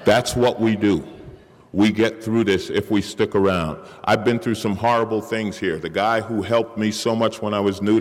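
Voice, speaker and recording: A middle-aged man giving a candid, self-mocking personal share at a recovery meeting, sometimes acting out his own inner voice. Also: lowish voice. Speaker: speaker sharing at a recovery meeting. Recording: long reverb of a hall.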